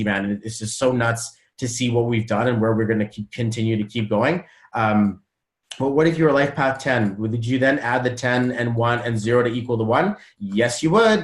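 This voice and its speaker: A man's voice: mid-range voice, a little fast. Gushing man with a roomy echo. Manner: animated and gushing, full of fillers, slang and acted-out quotes. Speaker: numerology coach. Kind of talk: casual webinar talk. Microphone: video call.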